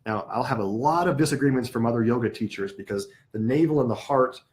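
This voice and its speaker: A man teaching a live yoga class, explaining in an unhurried way and stopping now and then to correct himself. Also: medium pitch, darkish tone.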